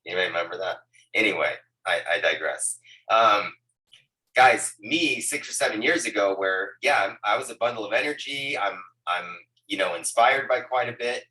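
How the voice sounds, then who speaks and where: A man leading a sales team call with high energy, often stopping to ask "right, guys?". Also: normal speed, roomy sound, distant mic, rough recording. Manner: energetic, repeats words, asks "right, guys?". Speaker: agency leader hosting a team call. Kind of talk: motivational team huddle. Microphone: Bluetooth earbuds on a video call.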